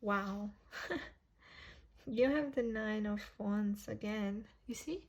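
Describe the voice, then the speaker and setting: A tarot reader gives viewers a casual reading in a slow, mid-range, darkish voice. She's chatty, laughs a lot, and corrects herself along the way.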